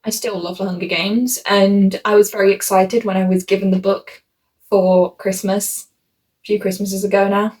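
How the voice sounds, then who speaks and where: A woman's voice: medium pitch, normal speed. Woman rambling through a book review, chatty and self-mocking, jumps into silly voices for asides. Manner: animated voice shifts for quoted asides. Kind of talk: casual vlog review.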